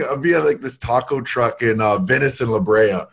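A man hosting a podcast in relaxed, joking casual chat. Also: medium pitch, a little fast, vocal fry, hardly any pauses. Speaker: podcast host.

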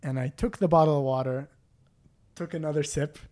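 A man casually telling a story, animated and re-enacting the scenes, with lots of fillers like "dude". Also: fairly high pitch, brisk.

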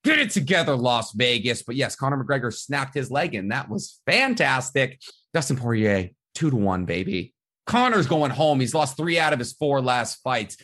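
A man's voice: mid-range voice, animated, normal speed, fairly bright tone. Trash-talking podcast co-host man. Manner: joking, trash-talking sports banter. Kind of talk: casual chat.

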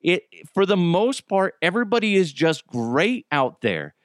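A Cajun man hosting his own podcast, spinning gossipy, joking stories with the odd curse. His pitch jumps around animatedly from phrase to phrase. The sound is close and dry, with no room around him. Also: unhurried, no echo. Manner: animated, joking, profane storytelling. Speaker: podcast host. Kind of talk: casual comedic monologue.

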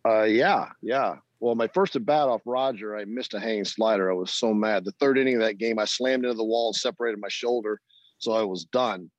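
A man's voice: fairly low pitch, a little fast, no echo, muffled recording. A middle-aged man, a former ball player, telling stories in an interview, acting out the voices of the people he quotes. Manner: animated storyteller, acts out quoted voices, laughs often. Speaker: former baseball player, guest. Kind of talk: interview storytelling.

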